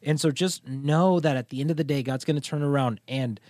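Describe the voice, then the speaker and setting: A young man co-hosting a casual podcast, animated and laughing often, calling his co-host bro. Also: a little high, brisk, no echo, studio quality.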